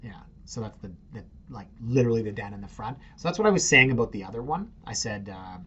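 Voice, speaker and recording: A man's voice: on the low side, expressive, fast, pushed and bright, slightly rough, lo-fi sound. A middle-aged man, hosting a casual, opinionated commentary on real estate listings with sarcastic, muttered asides. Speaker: real estate agent host.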